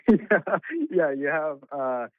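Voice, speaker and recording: A man calling in as a political commentator, speaking brisk and emphatic with frequent fillers over a phone line. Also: on the high side, no room sound.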